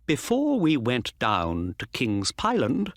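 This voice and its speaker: A man voicing a calm, clever middle-aged male detective who explains things patiently. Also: mid-range voice, slow pace, no room sound, clean studio sound, exaggerated voice. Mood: explaining.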